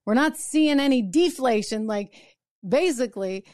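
A woman's voice: fairly high pitch, expressive, normal speed, darkish tone, dry recording, studio quality. A woman hosting her own show, delivering an emphatic political commentary monologue full of rhetorical asides. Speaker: show host.

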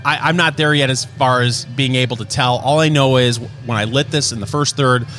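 Male co-host from Michigan, mid-pitched voice, laid-back and hesitant, thinking aloud. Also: steady tone, normal speed, fairly bright tone. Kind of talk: casual cigar review chat.

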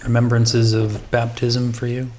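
A man's voice: medium pitch, completely flat delivery, measured pace, a little mellow, a little hiss or hum. A man co-hosting a casual faith podcast, talking reflectively with frequent restarts. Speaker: podcast co-host. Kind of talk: casual discussion.

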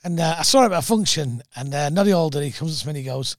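A man tells anecdotes on a podcast, his voice pitched high and swinging widely as he acts out the people in his stories. The sound is dry and close to the mic, with no room around it. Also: animated, quick pace, dry recording. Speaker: comedian guest. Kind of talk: casual podcast chat.

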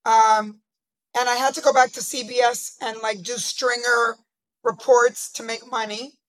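A woman's voice: a little high, flat delivery, a little slow, fairly bright tone, rough recording. A woman, a podcast guest, candidly telling her own career story in a reflective conversational way. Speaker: interview guest.

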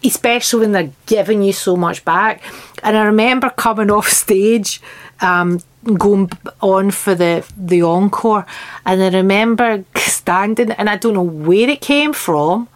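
A Scottish woman from Glasgow with an everyday mid-pitched voice tells a story as a podcast guest. She talks with lively energy, swears freely and laughs through her words. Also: measured pace. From Glasgow, Scotland. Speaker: guest, singer in a band. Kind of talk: casual anecdotal storytelling.

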